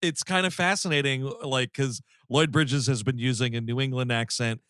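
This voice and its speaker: A man's voice: medium pitch, fairly even intonation, normal speed, a bit bright, smooth, no room sound, clean studio sound. A man co-hosting a comedy podcast, in casual chat, ranting in mock outrage and swearing freely. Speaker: podcast co-host.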